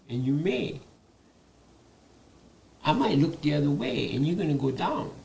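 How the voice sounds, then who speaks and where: An older man, a guest elder and artist telling stories in a live panel conversation, animated and laughing between points. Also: a little high, unhurried, vocal fry, pauses often. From Hawaii.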